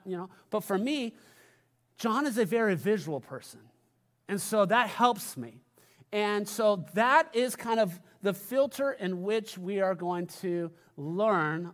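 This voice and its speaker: A man's voice: high voice, a bit bright. A pastor giving a conversational sermon to his church, often repeating key phrases and adding playful asides. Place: church sanctuary.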